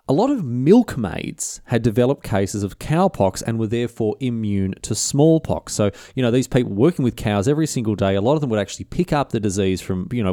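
Aussie bloke yarning about history, jokey, lively pitch, mellow dry voice. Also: male voice, dry recording. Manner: jokey, digressive, frequent restarts. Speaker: history presenter. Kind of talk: casual history storytelling.

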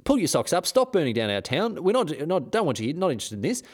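Man doing an indignant townsman, blunt and slangy, a bit higher than his own voice. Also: huge pitch swings, fast. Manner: indignant, colloquial scolding. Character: angry male town resident scolding soldiers.

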